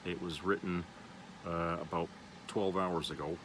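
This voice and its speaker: Brief: deep-voiced male vlogger, reads an article then rambles with fillers, faint vehicle hum behind. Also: steady tone, a little slow. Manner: loose and rambling, with many "you know" fillers. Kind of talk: reading an article aloud, then casual commentary.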